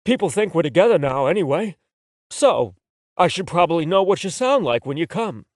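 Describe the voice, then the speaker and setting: A man's voice: a little high, sing-song, dry recording, studio quality. A man voicing a blunt, shameless young man in audiobook dialogue who talks without any filter. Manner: blunt, shameless, quick-talking. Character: brash, blunt young man, the fake boyfriend.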